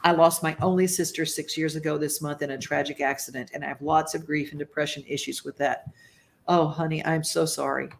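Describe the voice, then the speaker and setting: A woman's voice: deep voice, steady tone, fairly quick, creaky, a little hiss or hum. A woman hosting a talk show, speaking emphatically and reading viewer comments aloud. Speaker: host. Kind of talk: casual talk show chat.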